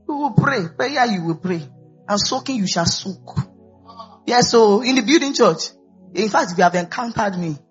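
A woman pastor preaching a sermon, peppering her words with hallelujahs. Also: fairly low pitch. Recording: dull lo-fi recording with faint music.

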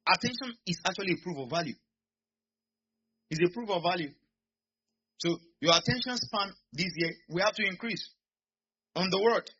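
A man delivers a sermon, hammering his points with repetition and drawing answers from the congregation. His voice is bright and husky, pitched somewhat high. The recording sounds dull and lo-fi. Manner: emphatic, repeats lines to the congregation. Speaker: pastor. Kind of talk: sermon with call-and-response.

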